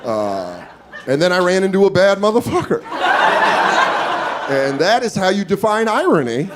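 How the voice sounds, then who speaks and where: High, lively male stand-up comedian. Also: moderate pace, background noise. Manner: animated, self-mocking, acting out scenes.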